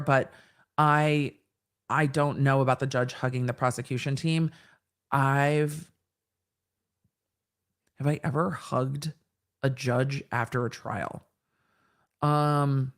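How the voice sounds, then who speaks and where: A woman's voice: a bass voice, slow, long pauses. A woman in her forties, a lawyer hosting a livestream, reading viewer comments and explaining legal points casually, with many restarts. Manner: chatty, thinks aloud with restarts and explanations. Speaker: host, lawyer.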